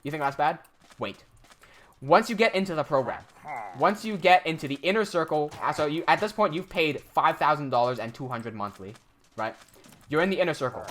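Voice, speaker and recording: A man's voice: a little high, expressive, a little fast, fairly bright tone. A man hosting a livestream and telling a story casually, emphatic and indignant, with his voice rising when he is outraged. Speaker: livestream host.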